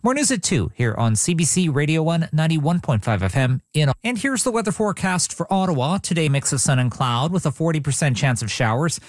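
A man reading scripted radio news and the weather in an even, measured delivery from a studio. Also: fairly high pitch, no room sound. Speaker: radio newsreader.

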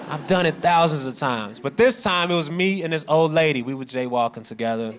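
A man doing stand-up, telling a story sarcastically and shouting out bits. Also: on the high side, moderate pace, noisy background. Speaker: stand-up comedian.

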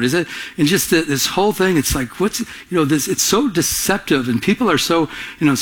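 A man's voice: a little high, lively intonation, brisk, fairly bright tone, slightly rough. A man preaching a conversational Bible-study sermon, earnest and urgent, with frequent restarts. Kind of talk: sermon teaching.

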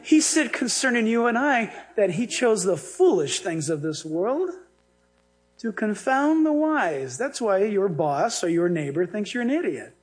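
A male pastor preaching a sermon in a lively, humorous way, acting out the dialogue he tells. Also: high-pitched, a little slow.

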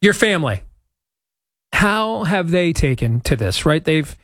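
A man's voice: fairly high pitch, sing-song, measured pace, a bit bright, no room sound. Male interviewer, dry close sound. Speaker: host.

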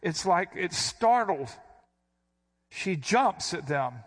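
Emphatic preacher man, fairly high voice. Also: sing-song, takes it slowly. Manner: emphatic, stresses quoted words with sudden rises; explanatory, teacherly. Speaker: pastor. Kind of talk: expository sermon.

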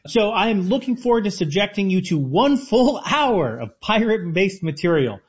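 Husky man explaining food on radio. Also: sits high, big pitch swings, normal speed. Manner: eager, explanatory. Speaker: co-host, chef. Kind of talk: casual radio chat. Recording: muffled lo-fi radio audio.

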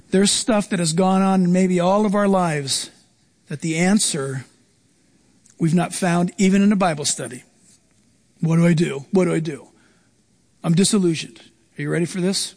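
A man preaching a sermon as a pastor, earnest and emphatic, repeating phrases as he drives points home. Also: sits high. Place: church.

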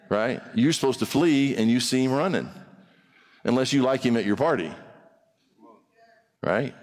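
A man preaching a sermon to a congregation in a conversational style, with quick rhetorical asides. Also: mid-range voice, a little mellow, big-room sound. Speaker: pastor.

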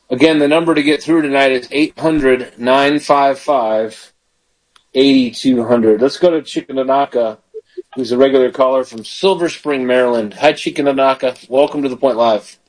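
A man's voice: medium pitch, steady tone, moderate pace, rough recording. A man hosting a call-in radio show as a pastor, praying fervently with callers and bursting into praise.

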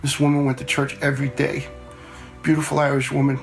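Gravelly middle-aged man telling his story. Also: mid-range voice, monotone, a little fast, soft background music. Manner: plain-spoken, earnest, repeats words as he goes. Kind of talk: personal storytelling.

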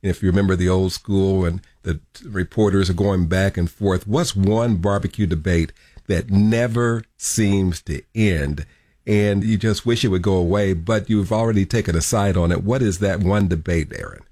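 A man's voice: deep voice, moderate pace, dark tone, no room sound, clean studio sound. A man hosting a radio show, interviewing a guest with chatty broadcast-style questions.

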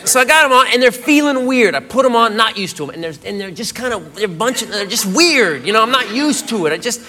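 A man doing stand-up comedy, telling a rambling story with animated outbursts on a club stage. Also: extremely high pitch, quick pace. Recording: live club with loud crowd laughter.

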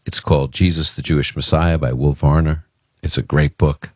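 A man from Brooklyn hosts a call-in radio show with an extremely deep voice. His talk is earnest and conversational, full of fillers and restarts. The sound is close and dry. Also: level tone, moderate pace, no room sound. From Brooklyn, New York.

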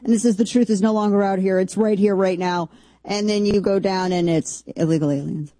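A woman hosting a show, giving animated, mocking commentary that leaps into high excited squeals. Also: fairly quick, no echo. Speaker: host. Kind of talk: sarcastic commentary.

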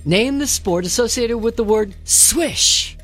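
A woman co-hosting a radio show, reading quiz questions quickly and clearly. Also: a little high, fairly bright tone, soft background music.

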